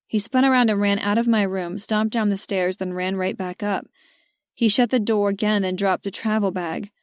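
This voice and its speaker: A woman narrating a romance audiobook in measured, first-person storytelling. Her voice sits at an ordinary pitch for a woman. The recording is dry and close, with no room sound. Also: steady tone, clear, resonant tone, dry recording. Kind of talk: scripted narration.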